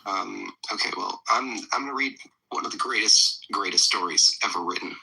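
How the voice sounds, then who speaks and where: A man in casual chat who also reads a storybook aloud, talking haltingly with repeated restarts. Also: on the low side, gravelly, sharp tone, poor audio.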